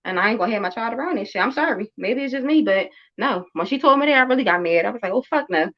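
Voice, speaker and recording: Talking very fast and animatedly, a woman around thirty, a podcast host and mother, recounts a parenting story in a casual chat. Her slightly high voice comes through a muffled lo-fi recording, and she's blunt and emphatic, swearing often and repeating herself.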